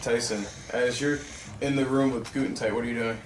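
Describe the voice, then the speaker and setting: A man's voice: mid-range voice, steady tone, a little fast. A man narrating as game master, loose and profane with easy laughs. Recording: roomy, distant mic with faint noise.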